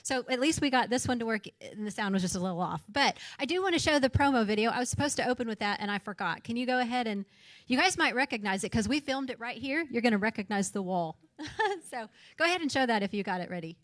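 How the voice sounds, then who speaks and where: A woman's voice: a little high, lively intonation, fast talker, no room sound. A woman hosting a grassroots meeting, addressing a live audience in a chatty, casual way and often checking in with "okay?". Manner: chatty, repeats "okay?" to the crowd. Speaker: meeting organizer and host. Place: church meeting hall.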